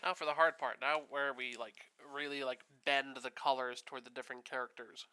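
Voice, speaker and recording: Bright, clear-voiced man chatting while painting. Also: mid-range voice, steady tone, brisk. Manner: rambling, chatty, easygoing. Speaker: host painting on stream. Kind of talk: casual chat while painting. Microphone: streaming setup.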